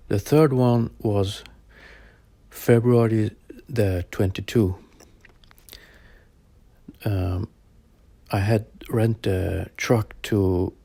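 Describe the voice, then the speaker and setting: A man in his forties telling a personal story in a halting way, with plain phrasing and many pauses and fillers. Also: on the low side, gravelly, mellow, no room sound. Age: 40s. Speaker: storyteller sharing a personal experience. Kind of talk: personal spoken account.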